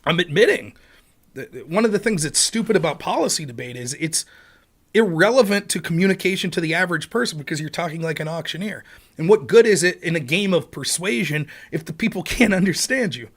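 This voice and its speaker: A man hosting a livestream, talking casually and profanely, sometimes bursting into sped-up rapid-fire talk. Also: on the high side, expressive. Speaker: livestream host.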